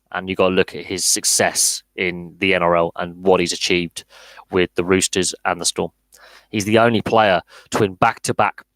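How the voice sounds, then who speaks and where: Low-voiced guy ranting bluntly on a sports podcast, stumbles and repeats words, dead dry sound. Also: a bit bright, no echo, rough recording. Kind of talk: live podcast Q&A, casual opinionated chat.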